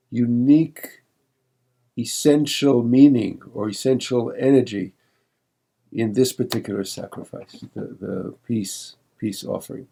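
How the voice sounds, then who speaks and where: A rabbi giving a Torah teaching in a very dark, mellow voice at a middle pitch. He rattles off verses, then slows down to explain them with many pauses and fillers, asking the listener questions as he goes. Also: vocal fry. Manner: reads Hebrew verses quickly, then translates slowly with many fillers; reflective, poses questions to the listener.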